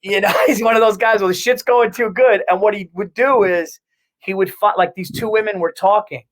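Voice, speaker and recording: A man, a guest comedian, telling profane, animated stories in casual podcast chat, full of quick restarts. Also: high voice, poor audio.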